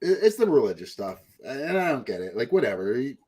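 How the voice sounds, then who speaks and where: A man's voice: mid-range voice, very animated, quick pace, warm tone, husky. A man hosting a podcast, chatting casually in a rambling, profane way. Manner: rambling, profane, puts on mocking voices. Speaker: podcast host. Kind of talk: casual chat.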